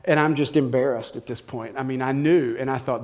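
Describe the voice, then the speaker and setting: A man's voice: mid-range voice, steady tone, fairly quick, few pauses, a little mellow. A middle-aged man preaching a sermon, telling a personal story in a conversational way and speaking directly to his listeners. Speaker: pastor.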